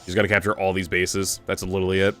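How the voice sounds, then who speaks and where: A man casually commenting on his gameplay as a streamer, relaxed and rambling, swearing now and then. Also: sits low, fast talker, music in the background.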